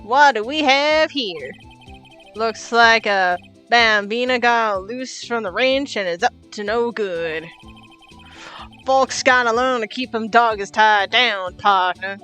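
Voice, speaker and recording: A woman voicing a swaggering Western male lawman, reading game dialogue with a loud cowboy drawl. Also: a little high, takes it slowly, faint music behind.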